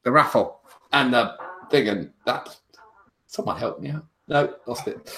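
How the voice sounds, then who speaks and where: A man's voice: mid-range voice, measured pace, gravelly, fairly bright tone, slight background noise. A man hosting a casual livestream chat, rambling and self-mocking, with lots of restarts. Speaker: host.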